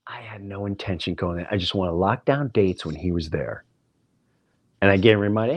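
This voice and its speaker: A middle-aged comedian hosting his own podcast tells a rambling story in a casual, animated way, acting out the voices of the people involved. His voice is low and his speed normal.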